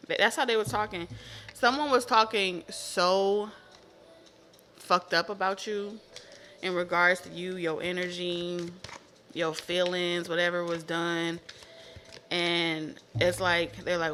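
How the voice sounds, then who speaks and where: Bright-voiced profane woman tarot reader. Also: fairly low pitch, a little slow, a little hiss or hum. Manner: animated, profane, repetitive, laughing asides. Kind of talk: casual tarot reading to camera.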